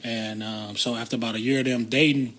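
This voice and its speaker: A man's voice: mid-range voice, steady tone, a little fast, fairly bright tone. A man casually telling a profane personal anecdote. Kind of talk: storytelling.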